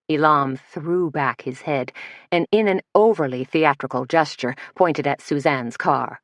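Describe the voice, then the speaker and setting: A woman with a fairly low voice reads a mystery audiobook in a steady, measured voice. The recording is close and dry, with no room sound around her. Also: no room sound. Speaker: audiobook narrator. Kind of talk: scripted narration.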